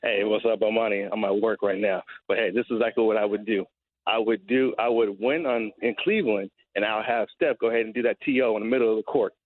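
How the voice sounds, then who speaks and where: A man's voice: lowish voice, steady tone, quick pace. A man calling into a radio show from work, giving his opinion in a brief, breezy way. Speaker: caller. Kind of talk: phoned-in casual chat. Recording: tinny phone line with faint background noise.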